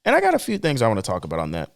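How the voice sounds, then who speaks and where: Young male podcast co-host, smooth resonant voice, very animated delivery with big pitch swings. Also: very fast. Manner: animated, emphatic, swings between low drawl and excited high bursts. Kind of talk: casual podcast commentary.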